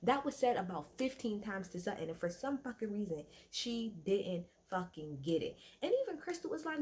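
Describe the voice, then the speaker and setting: A woman's voice: fairly high pitch, expressive, a little fast, hardly any pauses, warm tone. Rambling, swearing woman recapping reality TV. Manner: rambling, swears freely, lots of "like". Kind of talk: casual recap chat. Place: at home at night.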